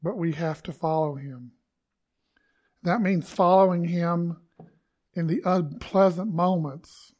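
A man's voice: fairly high pitch, steady tone, takes it slowly, pauses often, a little mellow. A man preaching a conversational sermon to his congregation, acting out quoted lines with emphasis. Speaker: pastor.

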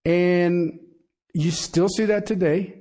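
A man's voice: high-pitched, steady tone, takes it slowly, dark tone. A middle-aged man preaching a sermon in a conversational way, with asides and rhetorical questions to the congregation. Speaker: pastor.

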